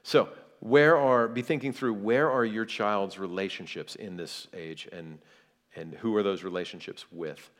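A man in his forties, a pastor, teaching a church parenting class in a relaxed, conversational way with frequent restarts. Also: on the low side, a little slow.

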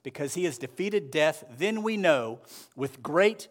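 A man preaching a sermon in an earnest, measured way, slowing down for emphatic phrases. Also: on the high side, expressive. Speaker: pastor.

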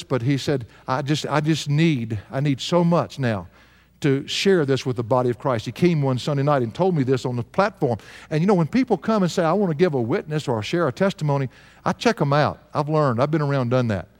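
A slightly high, somewhat dark male voice belongs to a pastor in his sixties preaching a sermon. He tells a story with earnest emphasis, chuckling now and then, and the recording carries a long hall reverb.

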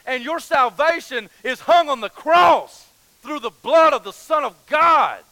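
A man's voice: very high voice, expressive, measured pace, bright, forceful tone, dry recording, rough recording. A man preaching a sermon as pastor, passionate, repeating phrases and asking rhetorical questions.

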